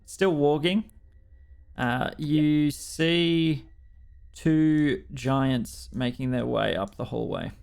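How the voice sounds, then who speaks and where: An Australian man running a tabletop game as dungeon master, unhurried and fumbling with the software between rulings. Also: on the high side, creaky, clean tone.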